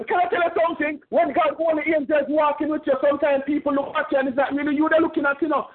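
A man's voice: very high-pitched, flat delivery, very fast. A man preaching a sermon with fervent, repetitive delivery. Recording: tinny phone-like sound.

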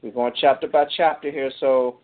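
A man's voice: mid-range voice, steady tone, moderate pace. A man leading a church Bible study call, exhorting the group in an encouraging, preacherly way. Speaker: Bible study leader and host. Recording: tinny phone-line audio.

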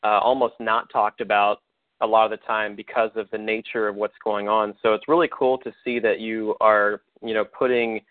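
A man's voice: lowish voice, little pitch movement, moderate pace, no room sound. An American man hosting a podcast interview, talking in a friendly, rambling way with many fillers. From United States. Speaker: podcast host. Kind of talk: casual interview. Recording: dry, phone-like line.

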